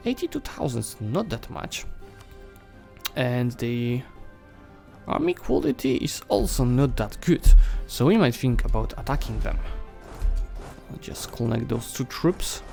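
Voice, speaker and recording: A man streaming a strategy game, thinking aloud and chatting to the nations and armies on screen, his voice going hoarse. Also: mid-range voice. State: losing his voice. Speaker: gaming streamer. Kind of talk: live strategy game commentary.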